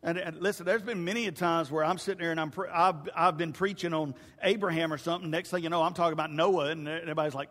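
A man's voice: a little high, fairly even intonation, fast talker, few pauses, a bit bright. A male pastor preaching a folksy, conversational sermon straight to his congregation. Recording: reverberant hall.

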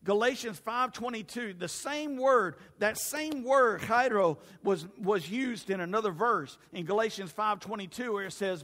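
A man preaching a sermon to his congregation in a lively, humorous way that addresses the listeners directly. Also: sits high, normal speed, hardly any pauses, in a large hall. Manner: animated and humorous, talks to the congregation. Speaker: pastor.

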